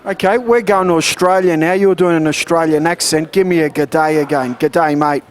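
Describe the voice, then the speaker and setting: A man's voice: fairly high pitch, fairly even intonation, a little fast. Upbeat male boxing show host. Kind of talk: interview.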